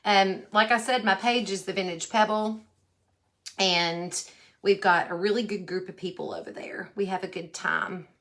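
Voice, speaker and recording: A woman with a Texas accent hosting a casual craft livestream, chatty and folksy, warmly greeting viewers by name as she works. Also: mid-range voice, steady tone, moderate pace. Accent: Texan.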